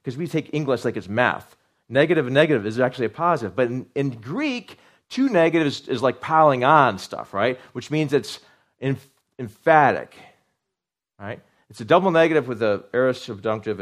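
A middle-aged man preaching a sermon, animated, repeating words for emphasis and asking his congregation questions. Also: medium pitch, normal speed. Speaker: pastor.

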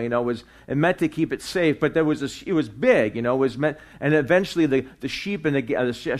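A man teaching a sermon verse by verse. He talks in a loose, chatty way at a medium pitch, stumbling through fillers and restarts and tagging "right?" onto his points. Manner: conversational, frequent fillers and restarts, asks "right?". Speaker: pastor.

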